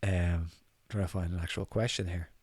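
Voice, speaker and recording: A man's voice: sits low, steady tone, normal speed, a little mellow, breathy edge, no echo. A man with a slight cold co-hosting a casual live chat, loose and sweary, laughing often. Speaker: podcast co-host.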